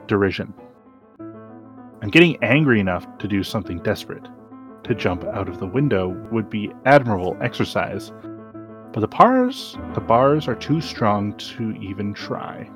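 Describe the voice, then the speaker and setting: A man hosting a podcast, giving a dramatic reading of a classic story with slow, deliberate delivery and sudden emphatic rises. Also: on the low side. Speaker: podcast host reading aloud.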